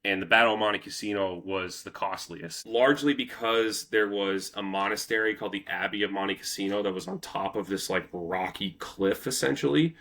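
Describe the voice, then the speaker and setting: A man hosting a casual history podcast, telling the story in a loose, profane, animated way. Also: fairly low pitch, moderate pace, few pauses. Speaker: podcast host.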